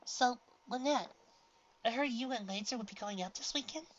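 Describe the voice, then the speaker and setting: A woman's voice: fairly high pitch, moderate pace, muffled recording, pitched above the performer's own voice, lightly acted. A woman voicing a grumpy, cynical pony mare who talks coldly and grumbles. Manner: cold, grumbling.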